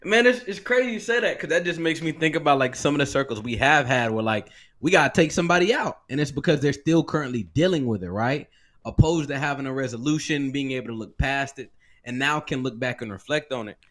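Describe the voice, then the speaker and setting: Man, mid pitch, thoughtful and reflective, casual podcast talk. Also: expressive, fast talker, fairly bright tone.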